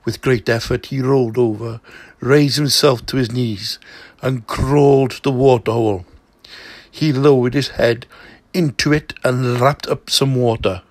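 A man reading a novel aloud in a slow, steady way, with an occasional slip. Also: mid-range voice, no room sound. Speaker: narrator.

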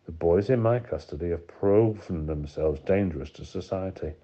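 A man's voice: low voice, moderate pace. A man voicing a cold, lying woman camp warden in an audiobook, curt and defensive. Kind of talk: audiobook character voice. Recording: dull lo-fi recording.

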